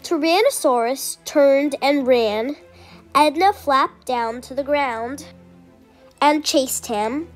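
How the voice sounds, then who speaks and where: A high-voiced woman reads a children's book aloud. She reads slowly and expressively, pausing between phrases. Soft music plays faintly underneath. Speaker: storyteller.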